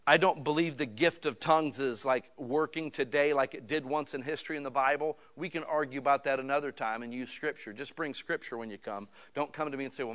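A middle-aged male pastor with a mid-range voice preaches a sermon in a joking, conversational way, adding lively asides between readings.

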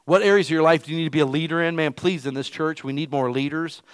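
A man's voice: fairly high pitch, fairly even intonation, fast talker, clear, resonant tone, no room sound. Emphatic preaching man, dry sound. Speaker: pastor. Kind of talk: sermon.

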